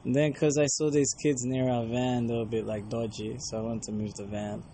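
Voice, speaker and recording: Man, traveling monk, casual storytelling, mellow warm voice. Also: medium pitch, little pitch movement, brisk, a little hiss or hum. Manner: chatty, acts out dialogue in anecdotes.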